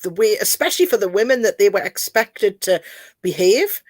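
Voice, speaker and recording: A woman's voice: mid-range voice, moderate pace, no room sound. A woman from Newcastle with a Geordie accent, chatting casually on a video call. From Newcastle, northeast England. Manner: chatty, animated, laughs often. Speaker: guest.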